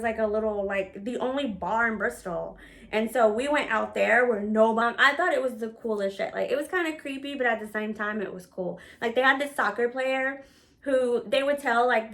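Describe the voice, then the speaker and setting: A woman in her thirties casually telling a personal story in a candid, animated way, with plenty of swearing. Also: fairly high pitch. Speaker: storyteller recounting work life.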